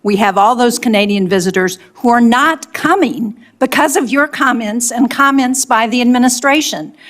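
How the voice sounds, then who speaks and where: A woman's voice: a little high, normal speed, fairly bright tone. An older woman, a senator, pressing an official with firm, pointed questions at a hearing.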